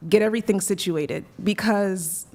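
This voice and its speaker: A woman's voice: medium pitch, moderate pace, darkish tone. A woman calling in to a live-streamed show, earnestly explaining her family situation in casual talk. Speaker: caller. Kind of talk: casual call-in chat.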